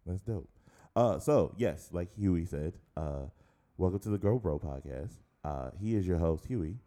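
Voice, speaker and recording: A man's voice: sits low, animated, unhurried, dark tone. A man co-hosting and producing a casual podcast, a chatty storyteller who laughs often.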